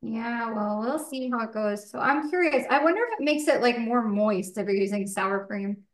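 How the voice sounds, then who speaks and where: A woman's voice: on the high side, expressive, moderate pace, reverberant. A woman co-hosting a casual chat while she bakes at home, talking in a loose way with lots of fillers and laughs. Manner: chatty, many fillers, laughs often. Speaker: podcast co-host.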